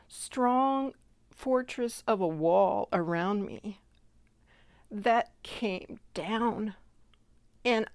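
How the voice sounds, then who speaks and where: A woman giving a heartfelt personal faith testimony, speaking earnestly and gently, sometimes dropping to a soft half-whisper. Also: mid-range voice, very slow, pauses often, dry recording. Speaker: Christian devotional speaker.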